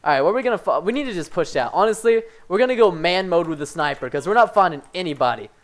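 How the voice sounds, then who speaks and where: A young man giving excitable live commentary over his own gameplay, swinging between frustration and excited yelps. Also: sits high, fast. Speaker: gaming commentator.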